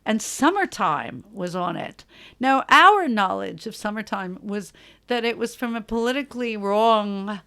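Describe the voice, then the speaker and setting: A middle-aged woman from New York with a New York accent, chatting casually as a guest and telling a story in an animated way, laughing and acting out what others said. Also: medium pitch, a little slow, vocal fry, clear, resonant tone. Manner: animated, laughing, acts out quotes in voices.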